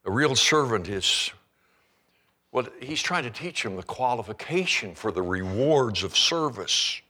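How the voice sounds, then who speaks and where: A man pastor preaching a sermon in an animated storytelling manner, acting out scenes as he goes. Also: lowish voice.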